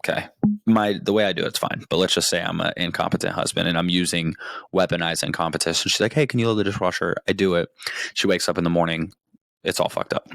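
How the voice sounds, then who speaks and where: A man's voice: low-pitched, level tone, quick pace, creaky, fairly bright tone, no room sound. A man hosting a podcast, giving casual advice with lots of swearing and frequent "right?" check-ins. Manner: profane, conversational, keeps checking in with "right?". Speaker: podcast host.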